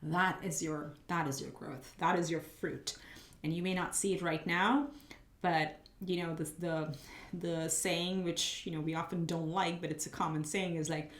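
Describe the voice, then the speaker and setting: Laying out cards for a pick-a-card tarot reading, the woman host thinks aloud in a chatty, spiritual manner. Her fairly low voice keeps a steady tone at a normal speed, with reverb around it and a slight muffling as her voice is going.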